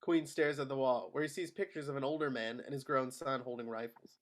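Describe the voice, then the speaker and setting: A man's voice: medium pitch, fairly quick. Man reading screenplay action lines. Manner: steady, matter-of-fact delivery. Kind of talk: reading screenplay stage directions.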